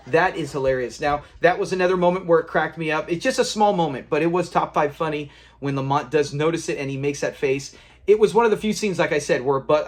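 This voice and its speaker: A man with a slightly higher voice walks through a classic sitcom episode in an easygoing, chatty way. He keeps breaking into laughter and slips into quick impressions of the characters as he recounts their lines. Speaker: show recap host. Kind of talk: casual episode recap.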